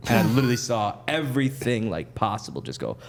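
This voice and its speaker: A man's voice: mid-range voice, sing-song, fast talker, gravelly, a little hiss or hum. A man from Wisconsin, a guest telling stories in a casual, self-deprecating way with lots of laughing. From Wisconsin, USA. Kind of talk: casual storytelling.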